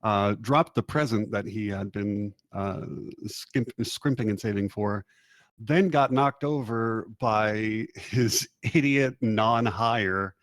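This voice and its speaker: A man acting as game master, narrating a tabletop game in a relaxed way, laughing often. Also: lowish voice, takes it slowly, no room sound. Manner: laid-back, laughs often, many fillers.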